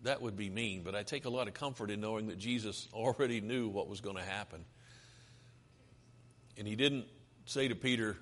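A man's voice: lowish voice, normal speed, pauses often, a bit bright. A man preaching a sermon, earnest and pleading, asking his listeners rhetorical questions.

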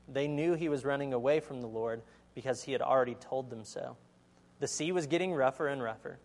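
In a slightly quick, gravelly, mid-range voice, this man preaches a sermon: he reads a scripture passage, then talks it through casually, quizzing his listeners and performing the quotes in character voices.

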